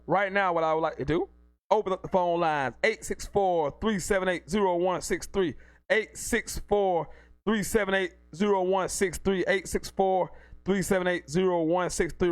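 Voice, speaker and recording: A man's voice: high-pitched, steady tone, normal speed, no room sound. A man hosting a live call-in sports podcast, hyped and repetitive, hyping himself and reading the call-in number over and over. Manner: hyped, repetitive, self-promoting.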